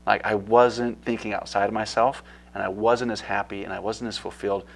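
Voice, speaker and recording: A lower-pitched man with a gravelly edge to his voice, chatting as an interview guest. He talks eagerly and rambles, with lots of fillers and restarts. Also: level tone, a little fast. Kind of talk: casual interview chat.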